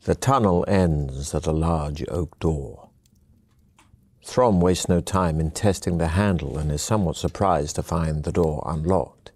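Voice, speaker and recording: Male narrator for a fantasy video game: scripted second-person telling, calm and measured, very low and dark, with a dry close sound. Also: husky, no echo.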